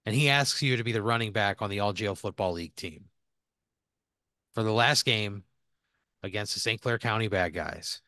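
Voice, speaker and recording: A man's voice: on the low side, moderate pace, pauses often, sharp tone, dry recording. Rambling, swearing male improv storyteller. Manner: rambling, casual, swears freely. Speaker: podcast host.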